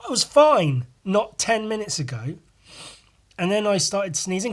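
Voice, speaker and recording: A man hosting a casual solo podcast, hoarse and losing his voice, rambling, swearing freely and putting himself down. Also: a little high, lively intonation, normal speed. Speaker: podcast host.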